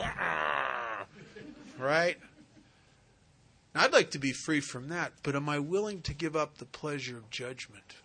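A man giving a spiritual recovery talk, telling stories and acting out the dialogue in an animated way. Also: fairly high pitch.

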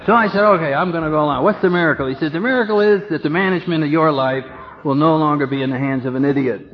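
A man speaks to a meeting in a fairly high voice, telling his story with self-mocking humor and acting out the voices of people he quotes. The recording is dull and lo-fi, with clear noise underneath. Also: racing, big-room sound. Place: meeting room with an audience.

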